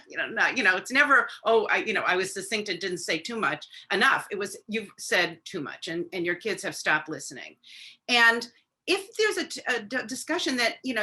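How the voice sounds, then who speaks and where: A woman's voice: mid-range voice, sharp tone. A woman on a webinar video call giving parenting advice in a conversational way, with frequent fillers as she acts out what parents say to teens. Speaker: parenting expert on a webinar panel.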